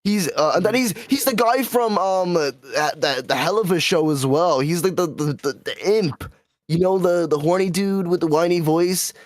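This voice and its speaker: A man's voice: high-pitched, moderate pace, dry recording, clean studio sound. A young man co-hosting a live stream in casual chat, joking and riffing in a playful, mock-dramatic way. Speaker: stream co-host.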